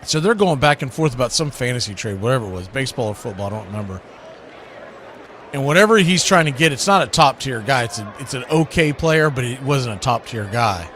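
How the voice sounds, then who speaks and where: Guy calling a ballgame and telling stories between pitches, bright tense voice, little bit of noise in the back. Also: lively intonation, a little fast. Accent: American. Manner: chatty, laughs while telling anecdotes. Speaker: play-by-play announcer. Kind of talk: play-by-play commentary mixed with storytelling.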